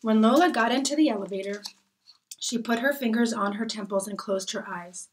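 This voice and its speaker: A woman reading a children's picture book aloud in a gentle, expressive storytelling manner. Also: a little high, brisk, slight background noise. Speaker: storybook reader.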